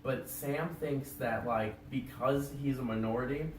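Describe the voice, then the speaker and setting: A hoarse man who is losing his voice, co-hosting a casual podcast and telling stories lively, acting out what others said. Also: medium pitch, a little slow. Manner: animated storyteller who acts out quotes. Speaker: podcast co-host. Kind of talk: casual chat. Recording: echoey room, distant mic, faint hum.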